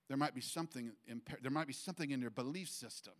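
A man preaching a sermon to a church congregation, halting with fillers and restarts, his voice lifting higher and louder when he presses a point. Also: expressive. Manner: rises in pitch and force when making a point. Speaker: pastor.

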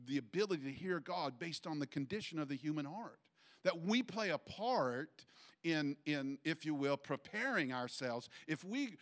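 A man preaching a sermon to a church congregation, halting with fillers and restarts, his voice lifting higher and louder when he presses a point. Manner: rises in pitch and force when making a point. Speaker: pastor.

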